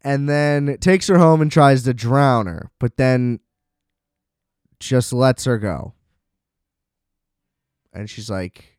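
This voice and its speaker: A man's voice: medium pitch, takes it slowly, long pauses, darkish tone, smooth, dry recording, studio quality. A young man giving a casual, sarcastic movie recap, swearing and laughing often.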